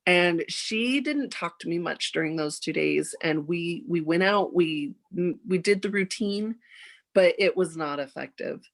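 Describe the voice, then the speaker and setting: Lively storytelling woman in her forties. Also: unhurried, vocal fry. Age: 40s. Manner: animated, acts out quoted dialogue with big jumps in pitch. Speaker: podcast guest. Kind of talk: casual storytelling.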